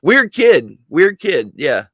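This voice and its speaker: A man telling stories as a guest on a casual podcast, animated, swearing freely and laughing mid-sentence. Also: high voice, slow pace, breathy edge, no echo. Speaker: guest, wrestling personality.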